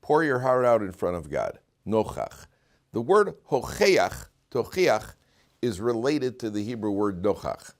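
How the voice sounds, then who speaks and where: A man's voice: on the low side, sing-song, measured pace. A man, a rabbi, giving an informal Torah class to listeners, joking and often restarting his sentences. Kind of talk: conversational Torah lecture with stories.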